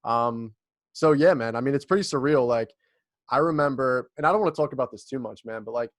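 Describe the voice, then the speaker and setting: A man's voice: medium pitch, fairly quick, no room sound, studio quality. A young man hosting a podcast in casual chat, laid-back and profane, laughing often. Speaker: podcast host.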